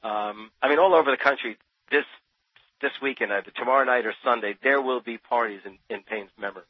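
A man's voice: mid-range voice, fairly quick, breathy edge, no echo. A man from New Jersey, a radio interview guest, speaking passionately and emphatically, often repeating words as he builds a point. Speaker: radio guest, expert on Thomas Paine. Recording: dull, dry lo-fi radio sound.

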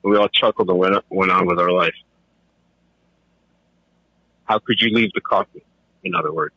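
A middle-aged man calling in, telling casual stories with animated, laughing delivery and quick jumps into a high voice for quoted lines. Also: creaky, poor audio. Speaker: caller. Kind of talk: casual storytelling.

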